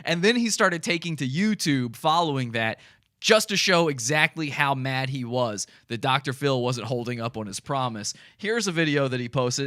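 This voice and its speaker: A man's voice: mid-range voice, bright, forceful tone, no room sound, studio quality. A man hosting a live stream, commenting casually and animatedly, often laughing between lines.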